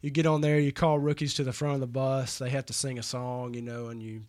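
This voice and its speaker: A man's voice: medium pitch, brisk. Man telling stories with lots of fillers. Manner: animated anecdote-telling with many fillers and restarts. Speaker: guest, professional baseball player. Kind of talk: casual storytelling in an interview.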